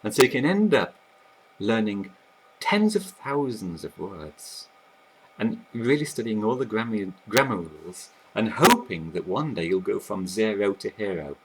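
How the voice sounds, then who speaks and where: A man teaching about language learning, explaining in a lively, animated way while sketching on a board. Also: lowish voice, a little slow, a little hiss or hum, low-quality recording. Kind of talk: explanatory video talk.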